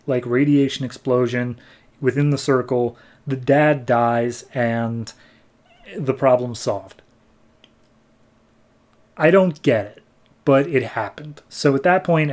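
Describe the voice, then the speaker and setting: With a medium-pitched, slightly mellow voice, this man co-hosts a podcast. His casual comic book recap wanders, retelling the story with plenty of filler.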